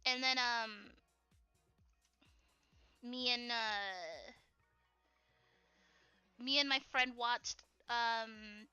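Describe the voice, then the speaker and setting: High, bright-voiced young woman streamer. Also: clear, resonant tone, no room sound, muffled recording. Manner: rambling, animated, many fillers and giggles. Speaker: streamer drawing live. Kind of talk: casual chat while drawing.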